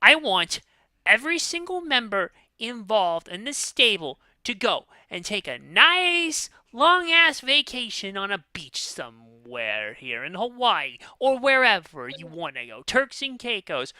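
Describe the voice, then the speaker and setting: A woman's voice: on the high side, sing-song, a little slow, sharp tone, no room sound. A woman co-hosting a wrestling predictions show, swearing freely and ranting, swinging between fuming outbursts and tired sighs. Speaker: podcast co-host. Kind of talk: casual wrestling prediction chat.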